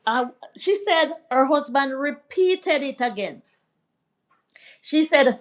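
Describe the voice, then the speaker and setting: A middle-aged Jamaican woman, her voice sitting a little high for a woman. She speaks at an unhurried pace in a casual live stream, telling a family story and answering viewers' comments. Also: lively intonation. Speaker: livestream host.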